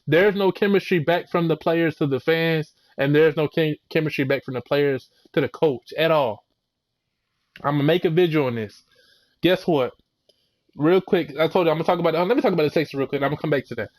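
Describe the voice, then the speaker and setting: A man's voice: a little high, brisk. A young man giving a heated, rambling and profane recap of a football game. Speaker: sports fan video creator.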